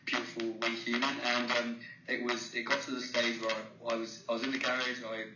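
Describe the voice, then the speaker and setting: A man's voice: medium pitch, completely flat delivery. A man from England with an English accent, a guest on a radio interview, speaking earnestly and openly. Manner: earnest, friendly, talks fast. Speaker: guest, psychologist and author. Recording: distant, echoey, muffled, noisy call.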